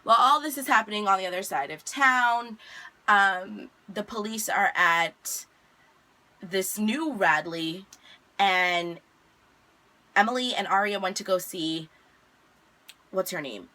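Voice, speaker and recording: A young woman vlogger recaps a TV episode in a casual, chatty way, racing through scenes with quick asides. Her voice is bright and forward. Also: mid-range voice.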